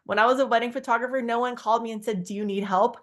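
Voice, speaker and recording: Speaking rapid-fire in a steady tone, the guest on the video call keeps giving her sincere personal testimony. She restarts a lot, leans on fillers, and voices quoted lines with dramatic pitch swings.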